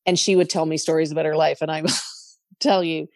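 Middle-aged Canadian woman, low voice, animated storyteller, dry close recording. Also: fast, no room sound. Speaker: podcast guest, coach. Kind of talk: casual interview talk.

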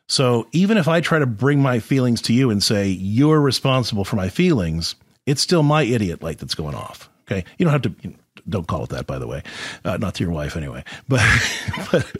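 Animated low-voiced man giving advice. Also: breathy edge, dry recording, clean studio sound. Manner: animated, explanatory, with frequent restarts and rhetorical questions. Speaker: podcast host, therapist. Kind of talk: conversational advice talk.

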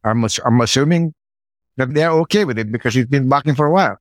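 A middle-aged man, a podcast guest, telling a personal story in a relaxed conversational way and acting out his own side of past conversations. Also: a little high, fairly quick, dry recording.

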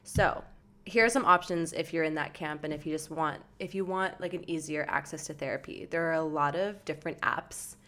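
Low-voiced and fairly quick, this young podcast co-host talks in a loose, warm manner that's emotional and full of affection. She peppers her speech with "like."

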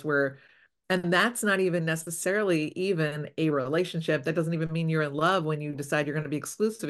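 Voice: medium pitch, a bit bright. Enthusiastic host who coaches daters. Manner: enthusiastic and encouraging, advising plainly. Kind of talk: casual interview talk.

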